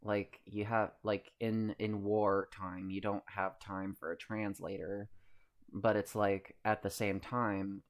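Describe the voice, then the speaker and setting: Rambling male streamer, lowish voice. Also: little pitch movement, slow pace. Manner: rambling, many fillers and restarts; swears casually. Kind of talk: casual live-stream news commentary.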